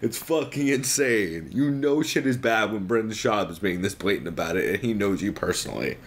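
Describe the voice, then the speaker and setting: A young man records a solo podcast segment with a slightly low-pitched voice. He rambles through a recap full of fillers and swearing, sounding exasperated. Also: fairly quick. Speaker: podcast host.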